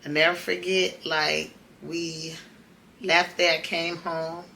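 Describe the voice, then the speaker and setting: Lady podcaster telling her life story, low but bright voice, bit of room hum behind. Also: flat delivery, slow, creaky. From Chicago. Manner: emotional, conversational, acts out quoted dialogue. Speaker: podcast host. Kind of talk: personal storytelling.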